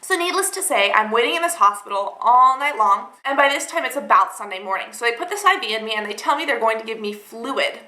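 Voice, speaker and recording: A woman's voice: on the high side, animated, fast, hardly any pauses, bright, forceful tone, echoey room, rough recording. A young woman vlogger rambling through a dramatic storytime retelling, full of fillers. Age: young adult. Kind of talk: storytime vlog.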